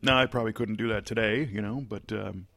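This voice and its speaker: A man with a somewhat low voice tells a story in a loose, rambling way. He stacks restarts and fillers and acts out the people he talked to. It sounds like an easygoing interview chat. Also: fairly even intonation, fast, vocal fry, fairly bright tone. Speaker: podcast guest.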